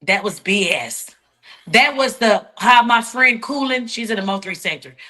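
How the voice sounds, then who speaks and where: Blunt, outspoken woman with a bright voice. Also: a little high, expressive. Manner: rapid storytelling with restarts. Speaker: interview guest. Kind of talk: heated interview talk.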